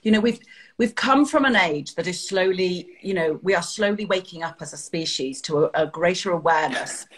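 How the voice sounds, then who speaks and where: A woman's voice: lowish voice, normal speed, husky. A woman from Britain, a children's author, talking earnestly and expressively in a casual interview and acting out bits of dialogue. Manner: earnest, expressive, acts out quotes.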